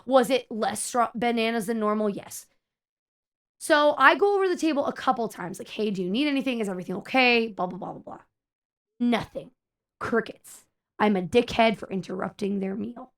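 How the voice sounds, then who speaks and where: A young adult woman streamer telling a story in casual chat, animated and exasperated, acting out the people she quotes. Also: fairly high pitch, normal speed.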